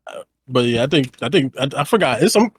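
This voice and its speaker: Male podcast co-host, husky voice, dry close mic, halting casual banter. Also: medium pitch, lively intonation, dry recording. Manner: halting, restarts, dry jokes.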